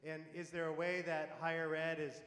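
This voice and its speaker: A man's voice: on the high side, level tone, normal speed, fairly bright tone. Moderator man in a roomy hall. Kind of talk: panel moderation. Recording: echoey hall with long reverb.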